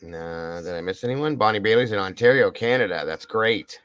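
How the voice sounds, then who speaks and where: Chatty man reading out livestream shoutouts. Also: fairly low pitch, animated, normal speed, clear, resonant tone, no room sound, poor audio. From Ohio. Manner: reads out viewer shoutouts, chatty; swears casually, upbeat. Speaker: livestream host. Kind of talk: casual livestream chat.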